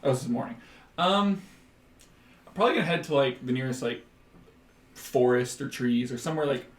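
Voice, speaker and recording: A man's voice: mid-range voice, lively intonation, fairly quick, roomy sound. A man playing in a tabletop game, laid-back and trailing off with fillers. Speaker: player. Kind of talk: casual role-play.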